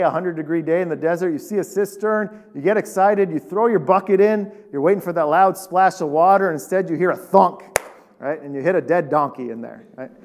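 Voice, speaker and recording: A man preaching a sermon as a pastor, talking in a casual, animated way and asking the congregation questions. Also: a little high.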